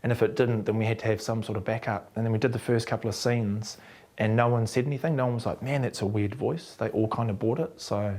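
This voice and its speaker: Man, new zealand accent, actor interview, lower voice, lively storytelling, mimics others. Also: fast. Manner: animated, acts out quotes of others.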